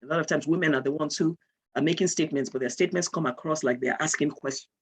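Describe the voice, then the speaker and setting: Woman giving a lecture, husky voice. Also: low-pitched, quick pace. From Nigeria. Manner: explanatory, demonstrating intonation with example sentences. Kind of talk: online lecture.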